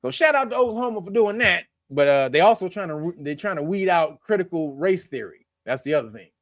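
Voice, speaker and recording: Animated, profane man reading news. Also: sits high, a little fast, no echo, clean studio sound. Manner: profane, laughing, mocking asides between read headlines. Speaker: show host reading news. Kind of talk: casual news commentary.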